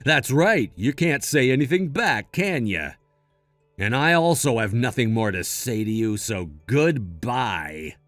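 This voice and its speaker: A man's voice: mid-range voice, lively intonation, unhurried, fairly bright tone, no room sound. A man voicing a level-headed, protective son in a read-aloud text-message story, firm and matter-of-fact. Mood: scolding. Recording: dry close mic with faint music.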